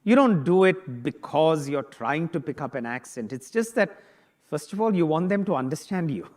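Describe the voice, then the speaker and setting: A man's voice: fairly high pitch, lively intonation, normal speed, darkish tone. A middle-aged man from India, a priest giving a conversational homily, often restarting and repeating his words.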